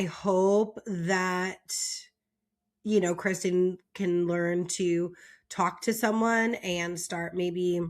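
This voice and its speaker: A young woman talking casually and at length, her speech full of fillers. She sounds exasperated and opinionated, and her voice sits at an ordinary middle pitch. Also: fairly bright tone. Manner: chatty, frequent "like" fillers, exasperated. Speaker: reality TV commentator.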